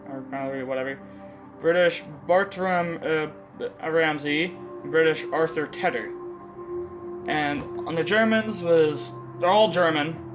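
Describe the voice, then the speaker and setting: A man's voice: fairly high pitch, low-quality recording. A young man reading out historical facts in a casual commentary, stumbling over names and correcting himself with muttered asides. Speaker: video creator. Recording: music playing loud under the voice.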